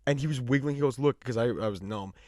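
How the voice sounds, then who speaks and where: Young adult male podcast co-host, casual storyteller, mid-pitched, loose, filler-heavy, swears freely, dry close sound. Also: fast talker, darkish tone, no room sound.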